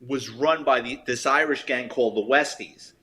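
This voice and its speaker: Animated New York storyteller, bright voice. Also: male voice, mid-range voice, normal speed, slightly rough. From the Bronx, New York. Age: middle-aged. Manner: animated, lively storyteller acting out quotes. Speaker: retired police detective, guest. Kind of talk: casual storytelling interview.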